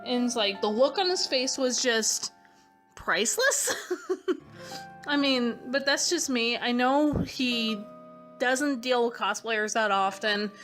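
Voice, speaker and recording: A woman's voice: a little high, takes it slowly, fairly bright tone. Young woman, candid rambling voice-over. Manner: candid and rambling, with frequent fillers and self-corrections. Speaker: vlogger answering a tag. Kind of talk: casual voice-over. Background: clear background music.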